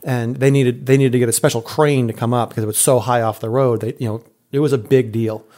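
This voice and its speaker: A man's voice: medium pitch, fairly even intonation, fast talker, dark tone. A middle-aged man casually telling a story, acting out quotes and laughing often. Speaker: podcast host telling a story.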